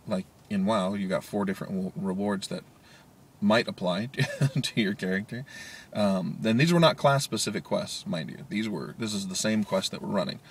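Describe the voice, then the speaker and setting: A man's voice: fairly low pitch, husky. A man talking casually in a daily video blog, rambling with many fillers and chuckling often. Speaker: vlogger. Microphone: handheld media player camera.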